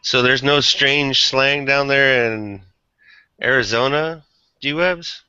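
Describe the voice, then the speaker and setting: Man, host, very bright voice, smooth, dry muffled sound, joking casual chat. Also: mid-range voice, slow pace, dry recording. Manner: easygoing, jokey.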